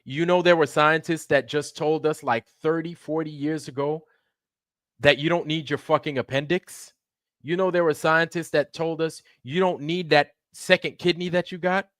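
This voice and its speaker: A man's voice: a little high, fairly even intonation, normal speed, fairly bright tone, no echo, clean studio sound. A man hosting a livestream, ranting sarcastically with heavy swearing and greeting viewers in chat by name. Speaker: livestream host.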